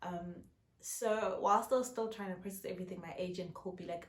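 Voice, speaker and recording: A young woman in her twenties with a South African accent, telling a story in an excitable, chatty vlog style at home. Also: fairly low pitch, a little fast. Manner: excitable, many fillers like "yo, guys". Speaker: vlogger. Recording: roomy echo.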